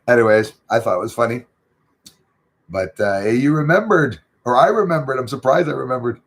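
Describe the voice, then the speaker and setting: A man's voice: mid-range voice, animated, moderate pace, husky. A middle-aged man, chatting casually and rambling with lots of fillers as host of his livestream. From Canada. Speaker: channel host reading live chat.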